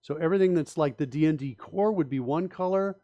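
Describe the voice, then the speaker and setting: A man with a fairly high voice hosts a live coding stream. He talks through his ideas emphatically and with strong opinions, often restarting his sentences and asking rhetorical questions. His voice sounds dry and close, with little room sound. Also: fairly quick, warm tone, no room sound, highs cut off. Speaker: host and software developer.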